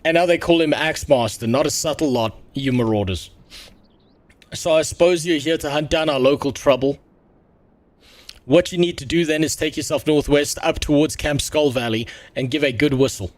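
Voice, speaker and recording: A man voicing a gruff old male townsman who talks in pirate speech, reading the lines haltingly aloud. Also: on the high side, dry recording, close to an everyday voice. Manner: halting read-aloud with stumbles over names.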